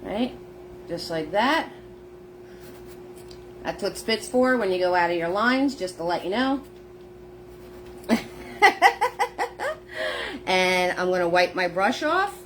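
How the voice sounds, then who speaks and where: Slow, chatty woman teaching painting. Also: on the low side, expressive, fairly bright tone, slight background noise. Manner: chatty, step-by-step narration, greets viewers by name. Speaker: painting instructor. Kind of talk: live-streamed painting lesson. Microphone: phone.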